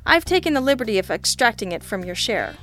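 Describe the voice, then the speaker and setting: A woman reading as a deadpan male detective. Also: fairly high pitch, fast talker, faint music behind. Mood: dry. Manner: dry, offhand quips.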